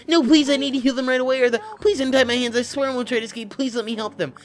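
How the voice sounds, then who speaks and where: A man's voice: very high voice, steady tone, very fast, voice pushed up. A man doing a pleading young princess.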